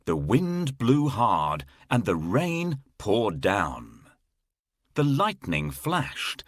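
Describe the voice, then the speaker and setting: A man with a husky voice narrating a children's fairy tale in an expressive, drawn-out storytelling style. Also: on the low side, no echo, studio quality.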